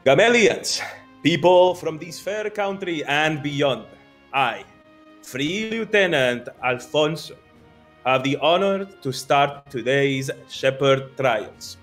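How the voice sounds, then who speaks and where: A man voicing a pompous male military officer and grand showman, with a booming, declamatory, theatrical delivery. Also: a little slow, soft background music, close to an everyday voice. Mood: grandiose.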